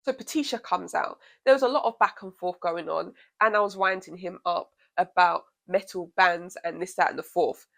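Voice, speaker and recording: A woman vlogger telling a storytime tale in an animated, sassy way. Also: lowish voice, moderate pace, gravelly, hardly any pauses. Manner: animated, sassy, laughs often. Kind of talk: storytime vlog.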